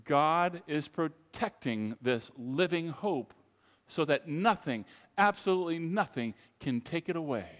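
A pastor preaches to his congregation in a church sanctuary, addressing them directly in an emphatic, repetitive way. His voice is a little high and a bit bright, animated but measured in pace, and the large church gives it a long reverb.

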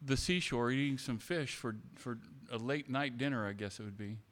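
A man preaching a sermon, repeating his points and swinging between hushed, tender passages and loud, emphatic calls for amens. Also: medium pitch, normal speed. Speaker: pastor.

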